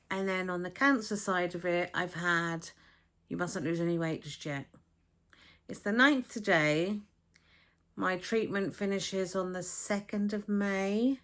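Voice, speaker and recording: Frank, swearing woman in her fifties, chatting to a camera at home, voice a touch on the low side. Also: a bit bright. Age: 50s. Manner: blunt and frank, swears freely, acts out conversations. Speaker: vlogger. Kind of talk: casual chatty vlog. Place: home, with a dog barking next door. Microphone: camera on a tripod.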